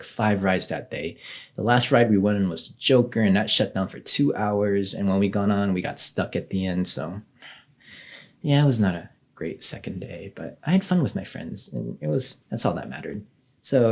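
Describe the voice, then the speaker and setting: A young man telling a casual story as a vlogger, chatty, with lots of fillers and light laughs. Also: lowish voice.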